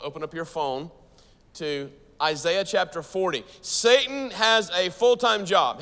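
A man with an American accent preaching a sermon to a church audience, talking fast and lively and turning to the crowd with questions. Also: sits high, long reverb tail. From United States. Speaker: pastor.

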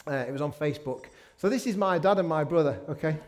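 Male preacher, middle-aged, high-pitched, chatty sermon style with self-mocking humour. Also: quick pace. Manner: conversational, with self-deprecating asides. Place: church meeting room.

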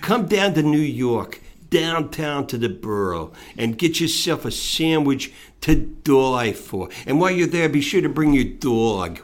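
A man voicing a brash, chatty New York man, speaking loudly in a showy, salesman-like way. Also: mid-range voice, sing-song, a little slow, few pauses. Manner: loud, showy, salesman-like delivery.

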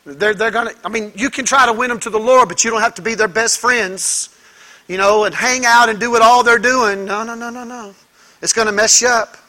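A man's voice: very high-pitched, steady tone, a little fast, bright, forceful tone. A man preaching a sermon as a pastor. He speaks with emphasis and asks the congregation rhetorical questions.

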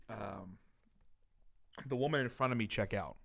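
A man's voice: medium pitch, slow, vocal fry. A young man co-hosting a podcast, telling a comic story in a profane, exasperated rant. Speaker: podcast co-host. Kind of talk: casual comedic storytelling.

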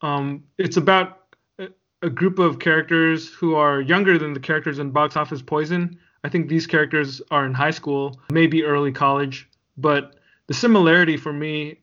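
This podcast co-host has a voice on the high side, fairly bright, with fairly even intonation and a moderate pace. He keeps the chat casual and laughs readily, though the recording sounds dull and lo-fi.

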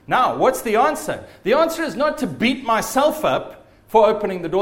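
A man preaching a sermon in an earnest, animated way. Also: very high voice, a little fast, hardly any pauses.

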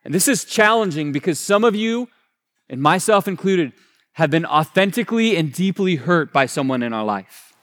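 A man with a fairly high voice preaches a sermon from the pulpit. He talks in a loose, conversational way, restarting and correcting himself as he goes. He retells scripture in plain everyday words. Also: animated, moderate pace, a bit bright. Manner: retells scripture in casual paraphrase. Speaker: pastor.

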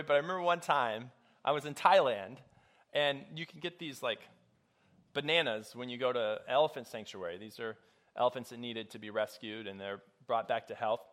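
A man's voice: mid-range voice, fairly bright tone. A male pastor preaching a conversational sermon, mixing scripture with a self-deprecating personal story.

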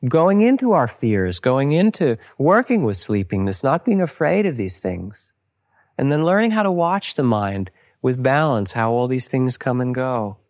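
Man, meditation teacher giving a dharma talk; calm, instructive, mid pitch. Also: measured pace. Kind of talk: dharma talk with personal stories.

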